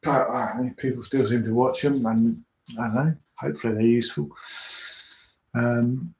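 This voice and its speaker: A man's voice: medium pitch, fairly even intonation, normal speed, gravelly, darkish tone. A man chatting casually on a live stream, rambling and poking fun at himself as he answers viewer comments. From Britain. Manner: rambling, self-deprecating, chatty. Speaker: YouTuber doing a live tinkering stream. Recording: roomy, dull recording.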